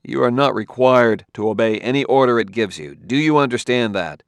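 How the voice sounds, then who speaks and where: A man voicing a wary male detective who talks crisply and gives orders. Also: medium pitch, lively intonation, moderate pace, no echo. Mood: commanding. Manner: sharp, giving crisp orders.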